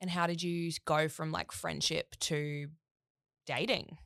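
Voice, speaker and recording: A woman's voice: deep voice, level tone, a little slow, gravelly, dry recording, clean studio sound. A woman hosting a casual podcast, asking questions and murmuring along. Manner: casual, soft murmured agreement, asks questions. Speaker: podcast host. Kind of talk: casual interview chat.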